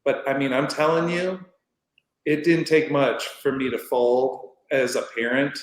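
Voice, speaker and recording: A middle-aged man tells a story at an easy, rambling pace, his voice sitting at an ordinary middle pitch. He slips into acted quotes as he goes. The sound carries a roomy echo. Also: measured pace. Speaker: podcast guest. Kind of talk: casual storytelling. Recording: roomy echoey room.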